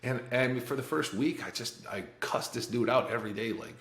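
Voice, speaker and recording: A man's voice: medium pitch, moderate pace, few pauses, fairly bright tone. A man in his forties telling his life story as a podcast guest, blunt and profane, with many restarts and short laughs. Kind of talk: candid life-story interview. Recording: roomy echo.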